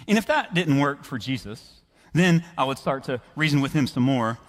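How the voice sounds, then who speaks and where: A man preaching a sermon in a church, animated and conversational as he tells a story. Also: mid-range voice, normal speed. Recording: reverberant church hall.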